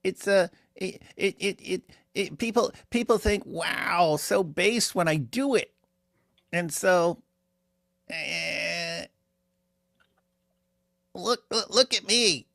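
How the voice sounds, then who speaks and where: Guy putting on a squeaky nasal show-off bro voice, cartoony, dry sound. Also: slow, gravelly, long pauses, fairly bright tone, no room sound, exaggerated voice. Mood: smug. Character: whiny boastful male internet personality impression.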